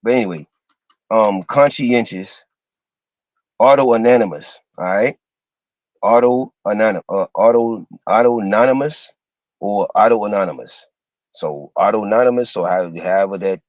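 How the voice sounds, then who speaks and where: Low-voiced man lecturing, spelling out words. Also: a little mellow, no echo, highs cut off. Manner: halting, spells out terms letter by letter, many fillers. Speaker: host teaching a class. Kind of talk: informal lecture.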